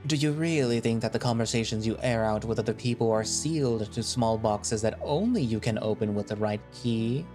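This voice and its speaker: A man's voice: on the low side, a little mellow, faint music behind, close to an everyday voice. A man voicing a cold, scornful leader. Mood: contemptuous. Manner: slow, condescending, cutting.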